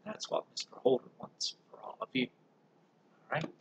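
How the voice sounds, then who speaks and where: A man, a music teacher, reading a picture book aloud to young pupils and explaining it in a gentle, warm way. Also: normal speed, low-quality recording.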